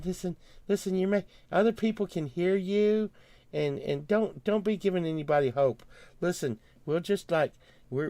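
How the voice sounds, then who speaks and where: Man doing a high, fretful bureaucrat who hushes and placates, dry close sound. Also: no echo. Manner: high hushed pleading, shushing. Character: male county official, nervous and placating.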